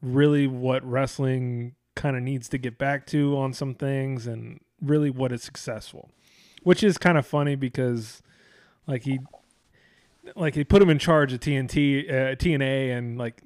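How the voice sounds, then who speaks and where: A man's voice: mid-range voice, unhurried, a little mellow, no room sound, clean studio sound. A man co-hosting a casual chat, rambling and profane, often restarting his sentences.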